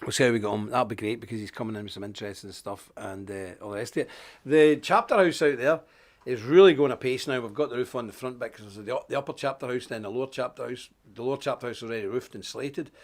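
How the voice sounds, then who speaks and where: A man's voice: mid-range voice, quick pace. A man hosting a live stream, talking off the cuff in an outspoken, emphatic and folksy way. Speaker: host of a live stream report. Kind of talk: unscripted live-stream monologue.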